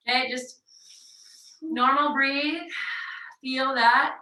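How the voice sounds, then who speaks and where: Bright-voiced woman guiding a yoga class. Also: medium pitch, unhurried. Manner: gentle, encouraging cues with audible breathing demonstrations. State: sweating from exertion. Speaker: yoga teacher. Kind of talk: guided yoga class instruction. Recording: roomy echo, voice heard from a distance.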